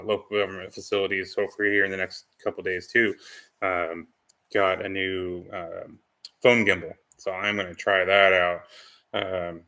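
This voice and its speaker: A man with a fairly low but bright, forward voice, hosting a relaxed live stream. He rambles easily through viewer comments with frequent ums and false starts, in a loose, unscripted way. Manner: rambling, full of ums and restarts. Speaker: channel host. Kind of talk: casual live-stream chat.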